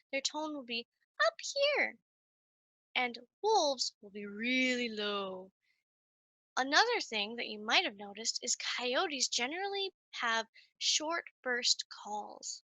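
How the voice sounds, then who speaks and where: A woman giving a lively, sing-song nature lesson to young children while playing a coyote mascot. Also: a little high, a little slow, no echo. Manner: animated, sing-song, speaks straight to children.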